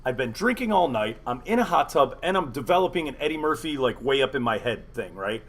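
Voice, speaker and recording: A man's voice: mid-range voice, sing-song, a little fast, fairly bright tone. A man in his forties on a podcast, talking bluntly and profanely in a joking way. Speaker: podcast co-host. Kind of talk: crude storytelling chat.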